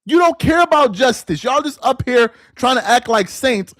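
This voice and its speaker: High-voiced man in an exasperated rant. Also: lively intonation, moderate pace, a bit bright, no room sound. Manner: exasperated, repeats phrases for emphasis. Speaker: sports commentary channel host. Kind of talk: ranting commentary to camera.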